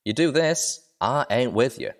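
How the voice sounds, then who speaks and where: A man's voice: mid-range voice, lively intonation, measured pace, voice pushed up. A man doing a blunt drawling pony stallion. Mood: stern. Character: gruff male pegasus pony mercenary.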